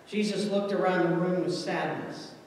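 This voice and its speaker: A man narrating a scripture story in a measured, deliberate way at a church service. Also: high-pitched, steady tone. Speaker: scripture reader. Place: church sanctuary. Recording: echoey church hall from far off.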